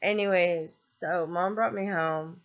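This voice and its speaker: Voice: mid-range voice, steady tone, slow pace. Exasperated vlogger ranting, dull lo-fi audio. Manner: angry, exasperated rant with frequent swearing. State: weary and fed up. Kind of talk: casual venting monologue. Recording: dull lo-fi recording.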